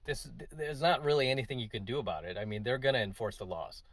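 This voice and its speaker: A man's voice: mid-range voice, quick pace. A middle-aged man hosting a casual opinion commentary, rambling with many fillers and tag questions. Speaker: channel host.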